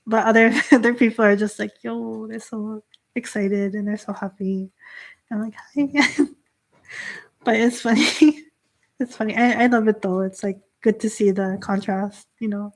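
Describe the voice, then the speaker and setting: A woman's voice: medium pitch, steady tone, moderate pace. A young woman from Canada, a Shinto priestess hosting a live stream, chatting casually with frequent laughter and many fillers as she reads out viewer comments.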